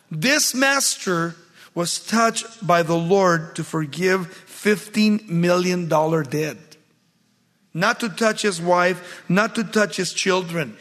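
A man's voice: high voice, a bit bright, long reverb tail. A man preaching a sermon, reading scripture aloud and then expounding on it with emphatic repetition.

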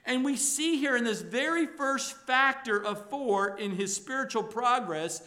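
A male pastor preaching a sermon to his congregation, emphatic and rising to loud exhortation. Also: very high-pitched, measured pace.

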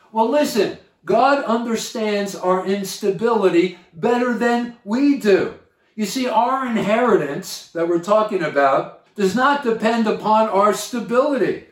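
A man preaching a sermon as a pastor, slow and deliberate, stressing key words with pauses. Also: high-pitched, echoey room.

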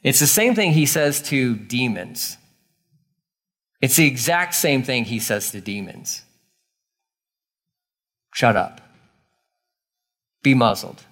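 A man's voice: mid-range voice, very animated, a little slow, fairly bright tone. A pastor delivers a sermon in an easygoing, conversational tone. He leans on repetition, saying his key lines twice to drive them home. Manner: casual, emphatic, repeats key lines.

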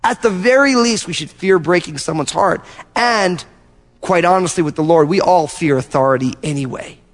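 A man pastor preaching a sermon, telling animated stories and acting out little asides to his congregation. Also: sits high, normal speed, big-room sound. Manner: animated storytelling with acted-out asides.

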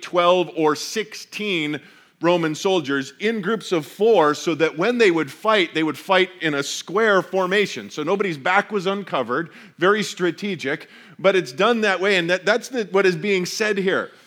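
A man preaching a sermon, reading scripture aloud and explaining it with animated storytelling. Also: high voice, normal speed. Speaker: pastor.

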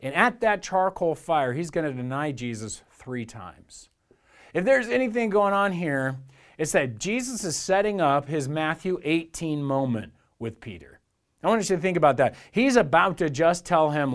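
Man, pastor, sermon, casual preaching, somewhat high voice, acts out bible characters. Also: expressive, moderate pace. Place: church.

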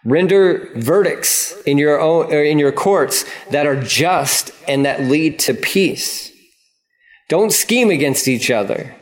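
A man, a pastor, preaching a sermon and paraphrasing scripture in a lively, conversational way. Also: on the high side, slow pace.

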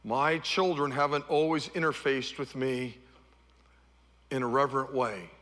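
A man's voice: steady tone, measured pace. Impassioned male pastor preaching in a hall. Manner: builds to loud, high-pitched repeated refrains, then drops to soft, low tones. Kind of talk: sermon.

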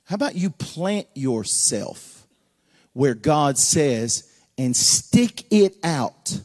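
Pastor, man, fairly high voice, folksy humor, sudden shouts, deliberate delivery. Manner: folksy, joking, animated preaching with sudden shouts and hushed asides. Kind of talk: sermon.

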